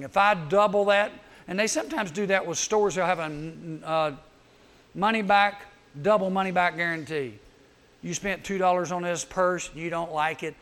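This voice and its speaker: A man, a youth camp speaker, giving a humorous sermon. He is animated, acts out quick voices and adds teasing asides. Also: high voice.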